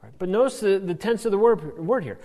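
A man giving a Bible study lecture in an animated way, often checking in with "right?". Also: sits high, fairly quick, long reverb tail. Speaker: Bible teacher.

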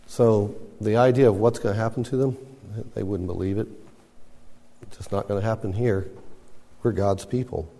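A man's voice: fairly low pitch, fairly even intonation, moderate pace, pauses often, dark tone. A man teaching a Bible class in a conversational, emphatic way, putting questions to the class. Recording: long hall reverb.

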